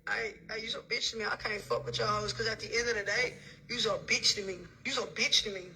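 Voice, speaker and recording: A woman's voice: a little high, steady tone, a little fast, bright, forceful tone, a little hiss or hum, rough recording. A drunk woman arguing, slurring and repeating insults over and over in a heated quarrel. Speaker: drunk woman in a filmed argument.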